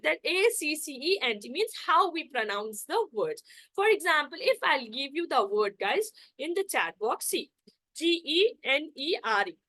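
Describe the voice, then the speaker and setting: Young female tutor, high voice, chatty repetitive online lecture. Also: fairly bright tone, rough recording. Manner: repetitive, addresses class as guys, many fillers. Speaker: spoken English teacher.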